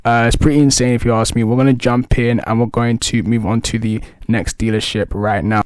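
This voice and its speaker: An excitable man gives hyped game walkthrough commentary, throwing "guys" into nearly every sentence. His voice sits at a middle pitch and sounds dry and close, with no room around it. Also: a little fast, smooth, no room sound. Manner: excitable, hypey, says "guys" constantly. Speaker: gaming YouTuber.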